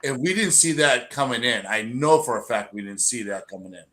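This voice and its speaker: A man co-hosting a podcast, telling stories in an animated way and exclaiming in disbelief. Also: mid-range voice, fairly quick. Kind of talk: casual chat.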